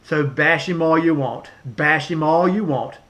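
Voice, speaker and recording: A man's voice: fairly high pitch, a little slow, fairly bright tone. Emphatic man ranting. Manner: emphatic, repetitive, with many fillers and restarts. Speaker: vlogger. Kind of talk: political rant to camera.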